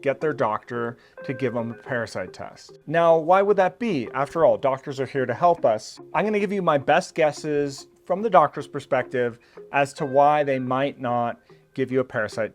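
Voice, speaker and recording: A man talks to his viewers in an easygoing, conversational way, with a mid-range voice and the odd "uh" and "you know". He explains step by step, like a channel host giving practical tips, and he pumps up the energy when he acts out what a patient might say. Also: mid-range voice. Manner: conversational and reassuring, with loose fillers; acts out quoted patients with sudden emphasis. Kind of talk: casual explainer to camera.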